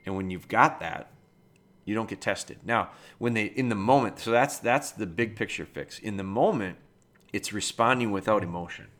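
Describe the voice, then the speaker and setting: A man with a somewhat low voice talks through dog training questions in a relaxed, matter-of-fact way. He sounds middle-aged and steady, like a podcast host chatting casually. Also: normal speed. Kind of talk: casual advice talk.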